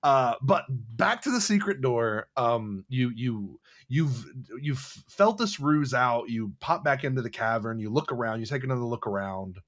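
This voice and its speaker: A man's voice: mid-range voice, moderate pace, hardly any pauses, muffled recording. A man co-hosting a casual podcast about a tabletop game module, rambling and laughing often. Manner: rambling, animated, laughing a lot. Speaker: podcast co-host. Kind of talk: casual chat about a role-playing module.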